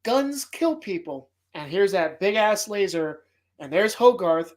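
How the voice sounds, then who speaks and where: A man hosting a relaxed movie podcast, talking through films with loud, profane enthusiasm. He acts out scenes as he goes and sometimes sounds choked up. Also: sits high, a little slow. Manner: emotional, choked up at times. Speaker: podcast host. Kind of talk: casual movie podcast talk.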